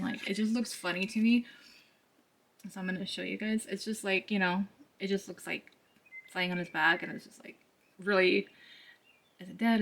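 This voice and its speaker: A woman giving a casual tarot reading to camera, chatty and laughing often as she talks through the cards. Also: mid-range voice. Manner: chatty, laughs often, quotes others in put-on voices. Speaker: tarot card reader.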